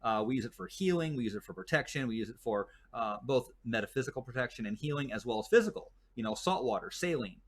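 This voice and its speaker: A man's voice: medium pitch, expressive, fast, hardly any pauses. A man chatting as a guest who works as a desert tour guide, telling stories in a rambling way with many fillers and restarts. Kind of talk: casual chat.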